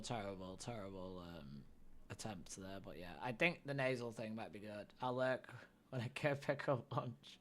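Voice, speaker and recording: A man's voice: fairly low pitch, moderate pace, a bit bright. A young man streaming live, chatting casually and thinking aloud while building a character.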